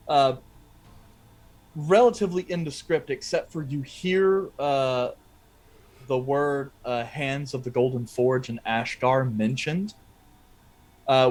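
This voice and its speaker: A man narrating a tabletop game as game master, rambling and hesitant, with many fillers. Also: mid-range voice.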